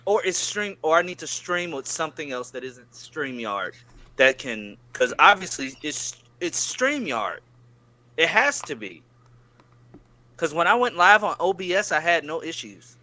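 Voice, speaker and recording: A man's voice: a little high, pushed and bright. A man hosting a casual live stream chat, often stammering and repeating words as he starts his sentences.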